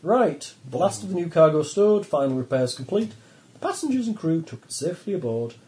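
Man, game master, steady narration, slightly high pitch, mellow. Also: fairly quick, rough recording.

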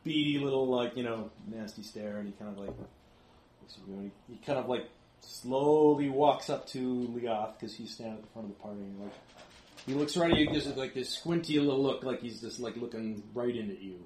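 A man's voice: mid-range voice, fairly quick, echoey room, crowd noise, poor audio. A man narrating as game master, loose and rambling, laughing often.

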